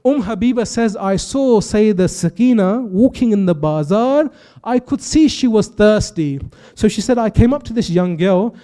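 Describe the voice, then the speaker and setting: Young male preacher, high mellow voice, emotional sermon storytelling, impassioned builds. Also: expressive, moderate pace, clean tone. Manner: storytelling with quoted dialogue, rising to impassioned intensity. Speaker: speaker at a youth majlis. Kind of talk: emotional religious sermon narration.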